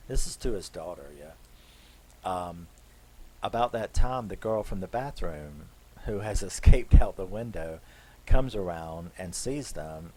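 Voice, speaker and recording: A man's voice: low-pitched, warm tone, slight background noise, rough recording. A man giving a casual horror film review, recapping the plot in a loose, conversational way.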